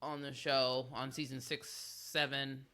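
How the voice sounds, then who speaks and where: A woman's voice: a bass voice, slow pace. A woman co-hosting a reality TV recap podcast, chatting casually, blunt and slangy, acting out what others said. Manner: animated, quotes people in exaggerated voices, slangy and blunt. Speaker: podcast co-host. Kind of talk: casual chat.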